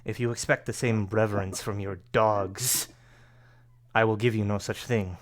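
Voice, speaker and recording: Male GM as an aloof hooded sellsword woman; curt, defiant, low voice. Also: fairly even intonation, moderate pace, natural voice. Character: aloof hooded female mercenary with draconic eyes.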